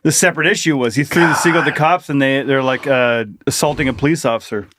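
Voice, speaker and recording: Bright-voiced laughing male podcast host. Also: mid-range voice, fairly even intonation, fast talker. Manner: laughing, riffing, joking asides. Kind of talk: casual comedic chat.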